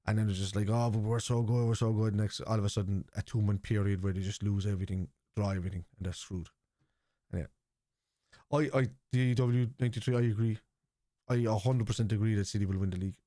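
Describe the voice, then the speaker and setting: A man with a lowish, mellow voice and fairly even intonation talks fast while hosting a live football watchalong stream. His casual commentary and chat are blunt and opinionated, full of swearing and repeated points, recorded in clean studio sound with no room echo.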